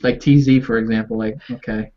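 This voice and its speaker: A man's voice: medium pitch, fairly even intonation, fairly quick, darkish tone, muffled recording. Hesitant New York man on a call. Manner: hesitant, repeats words, trails off. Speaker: co-host. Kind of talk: casual video-call discussion. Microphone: video call.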